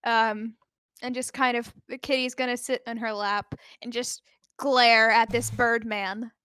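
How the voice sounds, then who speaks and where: Woman, tabletop player, high pitch, dry close sound, chatty, rambling. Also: little pitch movement, measured pace, bright, forceful tone, smooth, dry recording. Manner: chatty, lots of likes and restarts. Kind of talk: tabletop role-play chat.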